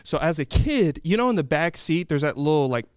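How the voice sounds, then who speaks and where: A young man telling a funny family story on a podcast, animated, acting out his grandparents' voices. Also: a little high, brisk, clean tone, no echo, studio quality. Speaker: podcast host. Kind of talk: casual chat.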